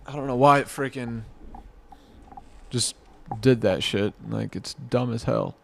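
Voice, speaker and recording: A man's voice: mid-range voice, measured pace, creaky, fairly bright tone, slight background noise. A man giving rambling, exasperated reaction commentary, muttering to himself and mocking what he watches. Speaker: commentary vlogger.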